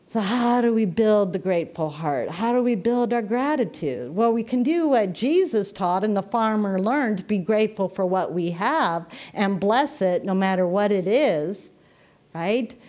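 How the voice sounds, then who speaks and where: A woman minister giving a sermon, telling stories with gentle humor. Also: medium pitch, lively intonation, unhurried.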